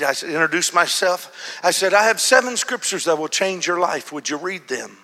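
A male pastor telling a story in a sermon, animated, acting out shouts and whispers. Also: high-pitched, normal speed. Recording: long hall reverb.

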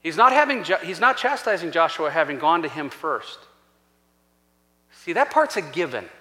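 A man pastor preaching a sermon in a church, animated and acting out scripture voices. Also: fairly high pitch, normal speed. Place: church sanctuary. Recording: long church-hall reverb.

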